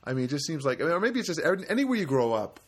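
A man's voice: fairly high pitch, big pitch swings, very fast, breathy edge. A man from New Jersey, a comedian hosting his own show, telling rambling stories in a casual monologue with many restarts. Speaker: comedian podcast host.

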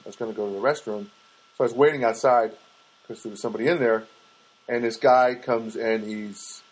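A man's voice: lowish voice, a little mellow, slightly rough, low-quality recording. A man telling a rambling, self-mocking comic monologue, full of restarts and asides.

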